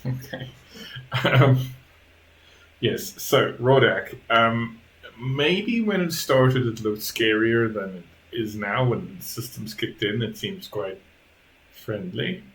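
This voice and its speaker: Mid-pitched man as casual game master, hesitant. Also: slow, fairly bright tone, rough recording. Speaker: dungeon master.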